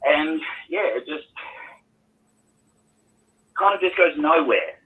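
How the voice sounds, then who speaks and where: A man's voice: fairly high pitch, very animated, takes it slowly. A man calling into a talk show, rambling about his home life with many restarts. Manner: rambling, restarts, quotes others in put-on voices. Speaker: caller. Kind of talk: phone-in call, personal story. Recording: tinny phone line.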